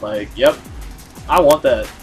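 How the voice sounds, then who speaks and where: A man chats through a let's-play video, rambling and leaning on "like" between thoughts. He talks slowly in a mid-range voice, with faint game music underneath. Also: mid-range voice, darkish tone. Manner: rambling, full of "like" fillers. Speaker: gaming video host. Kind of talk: casual let's-play commentary.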